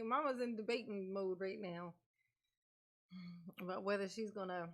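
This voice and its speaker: A woman's voice: medium pitch, lively intonation, measured pace, pauses often, a bit bright. A woman vlogger in casual chat, playfully mocking and laughing, calling herself Mama. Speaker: commentary channel host.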